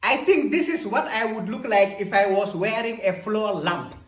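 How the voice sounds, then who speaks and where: A reaction commentator making mocking, deadpan jokes with slang about clips. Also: medium pitch, normal speed, echoey room, far from the mic.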